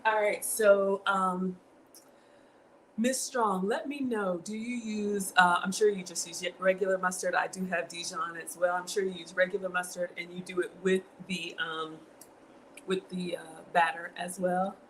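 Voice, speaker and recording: A woman with a Southern US accent and a slightly low voice, cooking live in her home kitchen. She chats casually, greets viewers by name and reads their comments aloud. A faint hum sits in the background. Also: steady tone, unhurried, rough recording. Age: middle-aged. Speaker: home cook streaming live. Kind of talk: casual livestream cooking chat.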